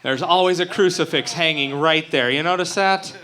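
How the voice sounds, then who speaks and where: A man's voice: fairly high pitch, moderate pace, crowd noise. A man from Utah doing a profane, brash stand-up comedy set at an open mic. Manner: crude, profane, brash joking. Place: open mic stage before a live crowd.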